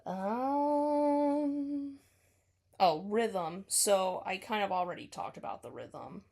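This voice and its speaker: A woman's voice: lowish voice, lively intonation, normal speed, vocal fry, slightly rough. A woman talking through her reading of a poem, tentative and full of ums, often hedging and correcting herself. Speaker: student explaining a poem. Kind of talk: casual spoken poetry analysis.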